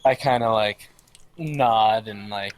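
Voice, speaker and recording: A man as a player in a tabletop role-playing game, calmly describing what his character does. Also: lowish voice, slow, poor audio. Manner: relaxed, describes his actions.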